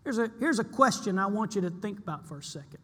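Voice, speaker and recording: Man, sermon, very high voice, bright and forceful tone, earnest emphatic delivery, reverberant hall. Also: expressive, quick pace, slightly rough. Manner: earnest, emphatic preaching with repeated phrases. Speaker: preacher.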